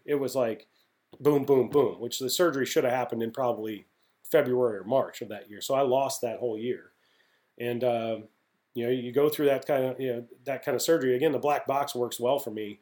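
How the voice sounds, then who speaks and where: Relaxed, mellow-voiced former ballplayer. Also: male voice, mid-range voice. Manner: rambling, candid, with frequent restarts. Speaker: former pro baseball pitcher, guest. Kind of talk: casual storytelling interview.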